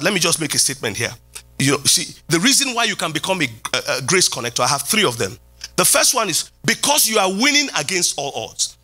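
A middle-aged man, a pastor, preaching a sermon in a church. He repeats key phrases and swings from loud calls down to quiet lines. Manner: preaching with sweeping pitch jumps and repeated phrases. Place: church hall.

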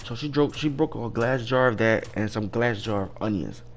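A man's voice: lowish voice, normal speed, slight background noise. Young guy telling a crude work story, cussing a lot, keeps restarting and cracking himself up. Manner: rambling, profane, laughing at his own story. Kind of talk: casual storytelling.

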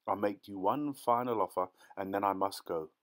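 A man's voice: on the low side, normal speed, lightly acted. A man voicing a fussy, ingratiating male antiques dealer posing as a parson, overly polite and wheedling.

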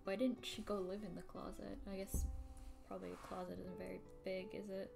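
A woman's voice: mid-range voice, level tone, brisk, gravelly, music in the background. A woman streamer chatting casually while playing through a game. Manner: curious, chatty asides. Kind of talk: live game playthrough commentary.

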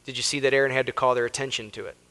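A man's voice: medium pitch, level tone, very fast, bright, forceful tone, clean tone. An American man, a pastor preaching a sermon with emphasis, reading scripture aloud and acting out the people in the story. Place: church sanctuary.

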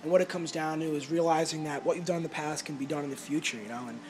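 Young man, hockey player, mock-serious vlog talk, earnest, rambling, repeats himself, a bit high-pitched, faint hiss behind. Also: steady tone, fast talker. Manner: earnest, rambling, repeats words, grows fired up breaking down game film.

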